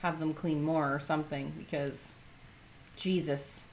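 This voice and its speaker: A woman's voice: low-pitched, fairly even intonation, unhurried, slight background noise. A middle-aged woman co-hosting a livestream, chatting candidly and often sounding exasperated about her kids. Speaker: livestream co-host. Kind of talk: casual chat.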